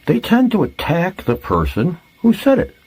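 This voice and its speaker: A man's voice: high-pitched, wildly swooping pitch, normal speed, darkish tone, breathy edge. A man giving a preachy, emphatic monologue to the camera. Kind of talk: social media monologue.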